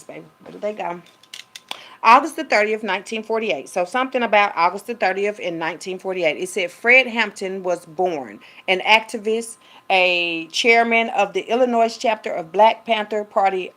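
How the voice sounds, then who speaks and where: A woman's voice: mid-range voice, normal speed, fairly bright tone. A woman talking casually and rambling to her viewers, reading aloud. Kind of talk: casual monologue.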